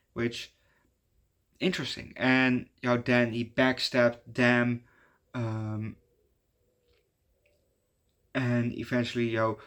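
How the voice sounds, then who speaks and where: A man talks through a film review in a loose, offhand way, trailing off and restarting his sentences often. His voice sits at an ordinary middle pitch, and the tone stays conversational throughout. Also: fairly bright tone. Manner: rambling, many fillers and restarts. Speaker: movie reviewer. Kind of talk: casual movie review.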